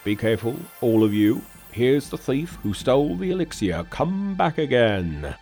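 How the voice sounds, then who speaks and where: A man voicing a stern old male sage alchemist in an audiobook reading, speaking slowly in a scolding, stately way. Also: mid-range voice, sing-song, darkish tone, soft background music. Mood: alarmed.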